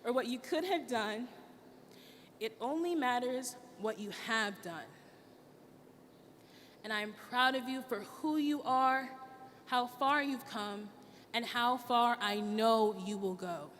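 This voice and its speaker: A woman's voice: fairly high pitch, takes it slowly, fairly bright tone. A young woman student giving a heartfelt graduation speech to her class. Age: young adult. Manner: earnest, heartfelt, emotional. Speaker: student speaker. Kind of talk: commencement speech. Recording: distant mic, long hall reverb, faint noise.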